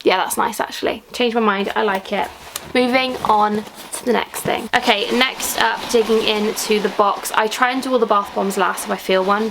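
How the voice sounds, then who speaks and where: A young woman unboxing and reviewing beauty products in a gushing, excitable way, sometimes dropping to a whisper. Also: mid-range voice, gravelly, background noise. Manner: gushing, excitable, drops into whispers when thrilled. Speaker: beauty vlogger. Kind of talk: unboxing vlog, casual chat.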